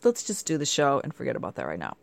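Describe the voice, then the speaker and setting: A woman's voice: very deep voice, fast, creaky, dry recording. A woman hosting her own show, telling stories in casual, chatty asides. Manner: chatty, animated storytelling with playful asides. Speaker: show host. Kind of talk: casual chat.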